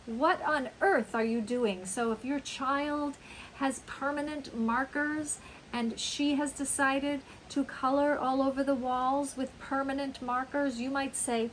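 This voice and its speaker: Slow, expressive woman teacher. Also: sits high, slight background noise, rough recording. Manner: acts out example phrases with big exclamations. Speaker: English teacher. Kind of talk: slow, emphatic English lesson.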